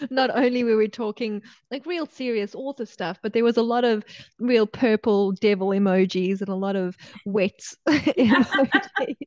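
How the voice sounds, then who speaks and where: A woman's voice: on the high side, measured pace, no echo. A woman guesting on a casual podcast, playful and giggly, often breaking into laughter. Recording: dry, dull lo-fi sound.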